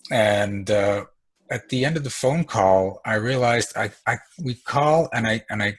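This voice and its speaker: Husky, low-voiced man giving calm advice. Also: unhurried, no room sound. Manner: calm, reassuring, advising, with restarts. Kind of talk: casual chat.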